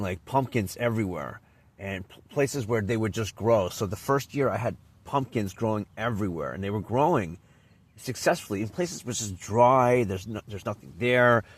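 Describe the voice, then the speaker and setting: A man's voice: lowish voice, expressive, normal speed. A man telling a personal anecdote in a casual, rambling way, often restarting and trailing off. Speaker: vlogger.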